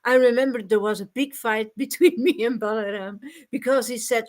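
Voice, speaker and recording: A woman with a high voice talks with quiet conviction about faith in a small gathering. Her tone is earnest, and small laughs slip into her speech. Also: steady tone, moderate pace. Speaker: devotee. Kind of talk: informal devotional talk.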